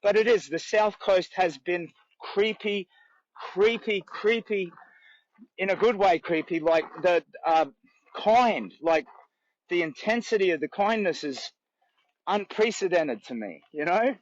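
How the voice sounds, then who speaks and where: A high-pitched Australian man talks earnestly and rambles as he livestreams outdoors by a road. He holds his phone at arm's length, so the audio is dull and lo-fi. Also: unhurried, dry recording. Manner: earnest, rambling, chats with passers-by. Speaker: charity walker livestreaming.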